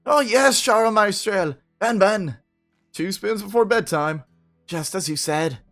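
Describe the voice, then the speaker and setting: A man voicing a grateful, excitable villager in a shrill, effusive tone while reading game dialogue aloud. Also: a little slow, soft background music.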